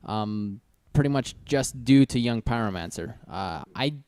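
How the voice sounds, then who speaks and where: A man co-hosting a casual podcast, explaining in a relaxed way with fillers. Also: mid-range voice, a little slow, smooth, no echo.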